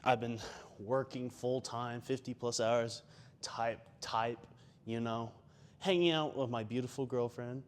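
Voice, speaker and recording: A man's voice: mid-range voice, steady tone, unhurried. A young man chatting casually between gym sets, rambling with lots of fillers and self-deprecating asides. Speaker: gym vlogger.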